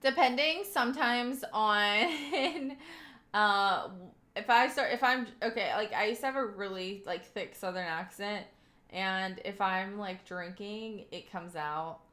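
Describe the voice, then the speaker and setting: A young woman from Kentucky livestreams from a roomy, echoey home room, speaking slowly in a sharp, mid-range voice. She chats casually with her viewers and reads chat aloud, rambling and full of fillers.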